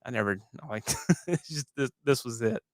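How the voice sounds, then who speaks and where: A man's voice: medium pitch, normal speed, dry recording, clean studio sound. A man in his thirties, a comedian guest, chatting casually and laughing at himself. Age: 30s. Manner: laid-back, self-deprecating, laughing. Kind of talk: casual chat.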